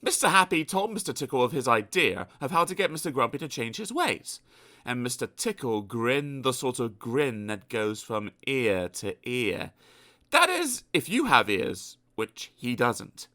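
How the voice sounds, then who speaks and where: Animated man reading a children's story. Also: mid-range voice, unhurried. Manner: animated, playful asides to the listener. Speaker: audiobook narrator.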